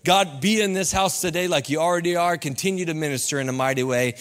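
A young man preaching a sermon as campus pastor, conversational and animated, climbing high and loud when he acts out asides. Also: fairly quick, hardly any pauses.

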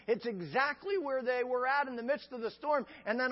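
A man's voice: very high-pitched, expressive, normal speed, few pauses. A male pastor preaching a sermon with an emphatic, repetitive cadence. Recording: dull lo-fi sound with long reverb.

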